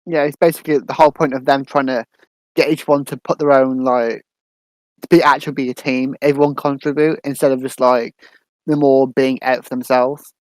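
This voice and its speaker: A man co-hosting a casual film review podcast, joking and cutting in with quick remarks. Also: medium pitch, fairly even intonation, darkish tone, no room sound, poor audio.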